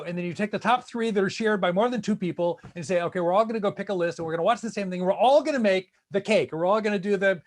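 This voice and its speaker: A man presenting at a speaker series over a video call, talking in animated bursts with frequent restarts. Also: high-pitched. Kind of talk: casual panel talk.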